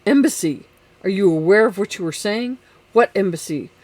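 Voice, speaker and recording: Reader doing a nervous scheming man, excitable questions, audiobook character. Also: medium pitch, normal speed, no echo, close to an everyday voice. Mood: alarmed.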